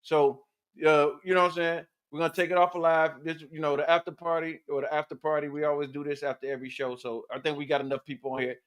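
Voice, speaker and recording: A man hosting a casual group podcast, talking loudly and animatedly with a lot of swearing. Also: a little high, fast talker, clear, resonant tone. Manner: loud, animated, profane. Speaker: podcast host.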